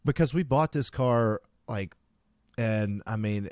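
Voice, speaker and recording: A man's voice: on the low side, slow pace, a little mellow, dry recording, studio quality. A man co-hosting a podcast, telling a long story in casual chat and acting out both sides of the conversation. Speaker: podcast co-host.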